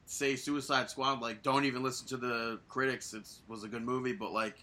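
A man's voice: medium pitch, little pitch movement, moderate pace, sharp tone. A man co-hosting a podcast in casual chat, rambling and correcting himself as he goes. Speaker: podcast co-host.

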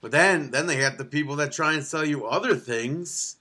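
A man co-hosting a podcast in casual chat, telling travel stories and acting out street vendors in quick voices. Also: a little high. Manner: animated storyteller, acts out vendors in quick put-on voices. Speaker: podcast co-host. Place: on the road in Cancun.

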